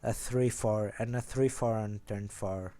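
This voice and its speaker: Young male host, low-key and rambling, slightly low mellow voice. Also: fairly even intonation, a little slow. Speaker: host of a card game deck video. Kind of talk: casual rambling explanation.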